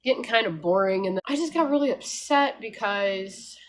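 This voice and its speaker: A woman's voice: mid-range voice, lively intonation, moderate pace, a little hiss or hum. A woman vlogger talking casually and frankly, laughing often and mimicking others as she rants. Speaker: homesteading vlogger. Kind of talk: casual talking-head rant.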